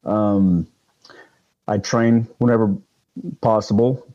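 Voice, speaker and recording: A man's voice: lowish voice, steady tone, slow, warm tone, lo-fi sound. An older man, a retired police sergeant, telling stories in a casual interview, rambling with many fillers and restarts.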